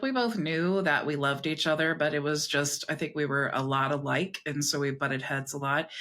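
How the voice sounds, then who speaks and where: Brief: female podcast host, lowish voice, lively storyteller who acts out quotes. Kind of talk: casual interview talk.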